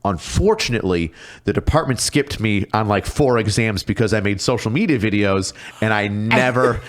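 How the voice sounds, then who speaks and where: A man, a police officer guest on a podcast, telling stories casually with lots of swearing and quick impressions of other people. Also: lowish voice. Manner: profane, animated, mimics people in his stories. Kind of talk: casual storytelling.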